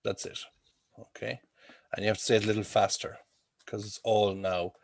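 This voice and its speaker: A man's voice: on the low side, little pitch movement, normal speed, creaky, no room sound. A man teaching an English class over a video call, explaining with homely comparisons and checking in with frequent "okay?".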